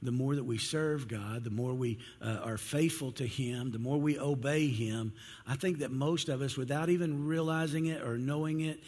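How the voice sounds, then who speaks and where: Pastor preaching in a reverberant hall. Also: male voice, medium pitch, moderate pace, darkish tone. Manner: conversational, acts out biblical figures' complaints. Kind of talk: sermon.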